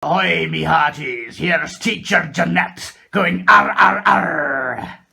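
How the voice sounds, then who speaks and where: Woman playing gravelly shouting pirate captain. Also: deep voice, heavily acted. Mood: boisterous. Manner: growled, drawn-out pirate calls. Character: gruff loud pirate captain man.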